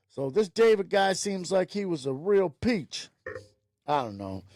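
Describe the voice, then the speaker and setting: A man's voice: sits high, very animated, a little slow, a little mellow, dry recording, clean studio sound. A man hosting a ranting commentary show, talking in a blunt, profane, rambling way. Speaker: host.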